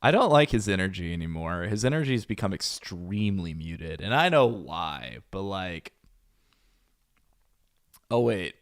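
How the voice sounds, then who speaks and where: A deep-voiced man with a gravelly edge chats bluntly through a casual reaction stream. His pitch swings a lot as he rambles with fillers and asides. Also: big pitch swings, measured pace.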